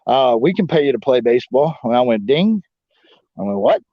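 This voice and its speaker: An animated, medium-pitched man from the United States talks quickly in a casual shoot interview, rambling and swearing while telling stories, leaning on fillers like "you know what I'm saying." He's the interview guest, a former wrestler and Marine. The audio is dull, dry, and lo-fi with no room sound.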